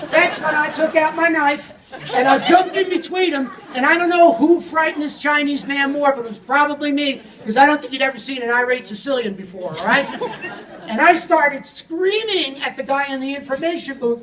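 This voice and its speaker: A man spins a comic story on stage with an animated, theatrical delivery that swells into shouts. His voice sits fairly high. It comes from a distant mic in an echoey hall, with an audience and faint noise behind him. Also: moderate pace, a crowd in the background. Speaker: speaker on language learning.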